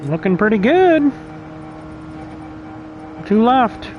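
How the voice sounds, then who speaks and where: A man's voice: very high voice, big pitch swings, slow pace, lo-fi sound, a little hiss or hum. A man casually commenting on his own sim race as a streamer, chatty and laughing often, reading out lap times. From United States.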